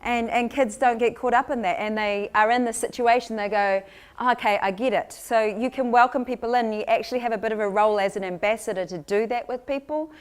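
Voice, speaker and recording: A woman's voice: a little high, steady tone, fairly quick, few pauses, clean tone. A woman with a New Zealand accent presenting to a live audience, teasing in tone and mixing Māori phrases into her English. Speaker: co-presenter of a language workshop.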